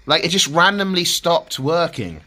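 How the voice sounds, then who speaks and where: A man's voice: on the high side, very animated, moderate pace, bright, forceful tone. A man livestreaming, ranting in exasperation about his internet, swearing constantly and repeating himself. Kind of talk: frustrated livestream rant.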